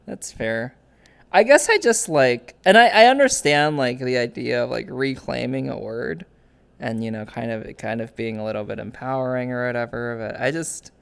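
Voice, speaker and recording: A woman's voice: very deep voice, moderate pace, creaky, smooth. A young woman hosting a streamed interview in casual chat, rambling with many restarts and reading chat messages aloud.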